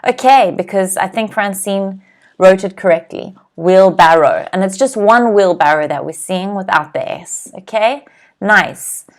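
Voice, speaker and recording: Casting: woman, English teacher, unhurried, careful delivery, drills vocabulary for viewers to repeat on a live stream. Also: mid-range voice. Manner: slow, clear teacher's voice, drills words for repeating. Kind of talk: live online English lesson.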